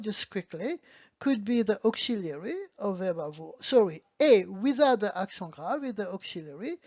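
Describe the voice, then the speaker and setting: With a mid-range, slightly mellow voice, a woman teaches beginner French, explaining things patiently and frequently asking "okay?" to check understanding. The sound is dry, dull, and lo-fi.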